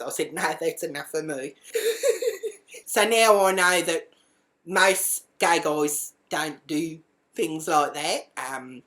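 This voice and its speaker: A woman tells a rude personal story as a casual monologue. Her voice sits a little low, and she swears constantly, leaping into loud outbursts whenever she quotes herself. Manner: profane, animated, shouts quoted lines.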